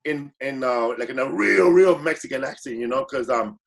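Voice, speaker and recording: A man's voice: mid-range voice, lively intonation, normal speed, gravelly. A man guest comedian telling stories in a casual, rambling way, correcting himself as he goes and slipping into Spanish phrases. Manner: laid-back, rambling, self-correcting, slips into Spanish phrases. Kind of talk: casual storytelling.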